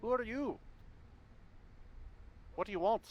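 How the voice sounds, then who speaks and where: A man's voice: high-pitched, slow pace, a little mellow, muffled recording, pitched above the performer's own voice. A man voicing a suspicious middle-aged village woman with an Irish accent.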